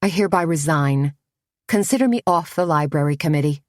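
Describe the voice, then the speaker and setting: Woman reading as a brisk middle-aged café owner, firm and clipped, dry audiobook sound. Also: sits low, lively intonation, no echo.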